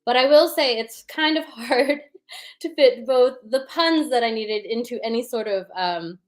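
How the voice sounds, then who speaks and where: As a guest, a woman performs puns and chats casually about how she writes them, using lots of fillers and explaining with rhythm sounds. Her voice is on the high side and she speaks a little slowly.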